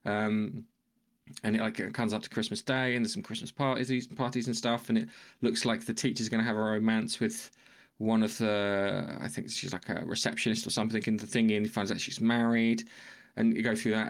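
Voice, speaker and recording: A man's voice: fairly low pitch, little pitch movement, fairly quick. A man co-hosting a podcast, retelling a film plot in a loose, rambling way, hunting for words and swearing casually. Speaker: podcast co-host. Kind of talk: casual film review chat.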